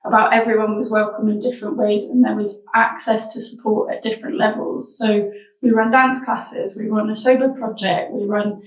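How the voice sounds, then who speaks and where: A woman's voice: mid-range voice, little pitch movement, moderate pace. A woman being interviewed about her wellbeing social enterprise, talking reflectively and searching for her words. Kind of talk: casual interview chat. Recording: roomy sound, mic at a distance.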